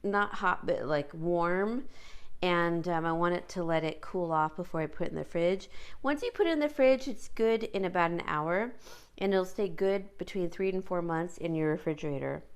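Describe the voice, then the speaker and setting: A woman's voice: on the low side, normal speed, smooth. A woman casually talking through a home cooking how-to, chatty and rambling with many fillers and restarts, with the hiccups. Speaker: cooking vlogger. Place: home kitchen.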